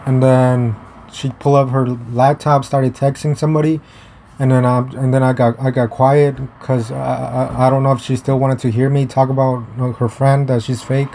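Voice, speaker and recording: A man's voice: medium pitch, level tone, moderate pace, dark tone, a little hiss or hum. A young man telling a story in a casual, rambling way, with swearing and many fillers and restarts. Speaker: vlogger. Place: outdoors.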